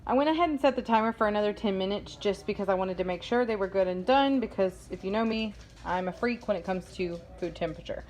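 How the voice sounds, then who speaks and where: A woman's voice: mid-range voice, fast, darkish tone. A woman chatting casually to her viewers in a home kitchen cooking vlog, upbeat and talking to them directly. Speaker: vlogger.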